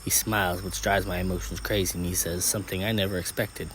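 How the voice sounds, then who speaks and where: A man narrating a first-person story in a steady way, with small slips and restarts. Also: low voice, brisk, a little hiss or hum.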